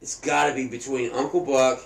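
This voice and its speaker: A man co-hosting a casual podcast chat, excitable and swearing constantly as he gushes about things he loves. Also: medium pitch, normal speed, gravelly. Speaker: podcast co-host. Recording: echoey room with faint ambience.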